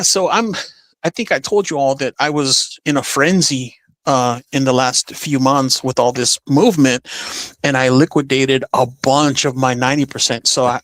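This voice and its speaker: A man's voice: mid-range voice, fairly bright tone, no room sound. A man hosting a livestream, chatting casually and upbeat, reading viewer comments aloud with many fillers. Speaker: livestream host.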